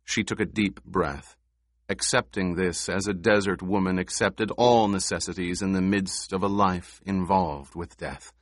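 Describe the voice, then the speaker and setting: A man reading a novel aloud as an audiobook narrator, in a measured way. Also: deep voice, fairly even intonation, no echo, studio quality. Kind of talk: scripted narration.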